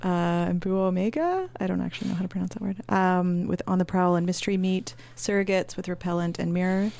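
A woman's voice: fairly low pitch, brisk, creaky, a little mellow. A woman co-hosting a radio show in casual chat, easygoing as she reads off a playlist at a studio mic. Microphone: studio microphone.

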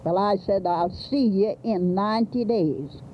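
A woman telling of her days as a midwife, in a plainspoken, earnest way, often pausing with an "uh". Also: medium pitch. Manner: homespun, plainspoken, earnest, pauses with frequent uh. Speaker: midwife telling a life story. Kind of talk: plain spoken storytelling. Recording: dull faintly hissy old archival recording.

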